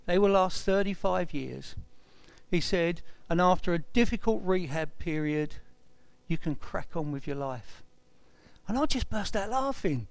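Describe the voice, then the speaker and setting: A man's voice: sits high, normal speed, dry recording. A man in his sixties tells a personal testimony and acts out the dialogue as he recounts it. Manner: retells events with lively quoted dialogue.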